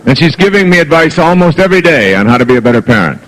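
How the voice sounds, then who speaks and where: A man's voice: fairly high pitch, big pitch swings, very fast, a bit bright, rough recording. A middle-aged man giving a motivational lecture, telling humorous anecdotes about family life. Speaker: motivational speaker. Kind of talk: live lecture to an audience.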